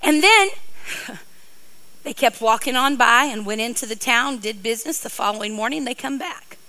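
Woman preacher, middle-aged, joking rambling sermon, bright ringing voice. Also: a little high, expressive, moderate pace, rough recording. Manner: playful, joking, rambling asides.

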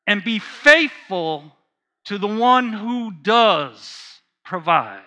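A man's voice: sits high, lively intonation, extremely slow, pushed and bright. A man preaching a sermon, telling a personal story with earnest feeling and repeating phrases for emphasis. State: choked up while reading.

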